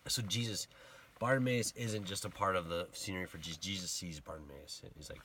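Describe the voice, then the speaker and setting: A man giving a casual sermon, retelling a Bible story in a conversational, animated way and acting out the people in it. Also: on the low side, moderate pace. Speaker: preacher.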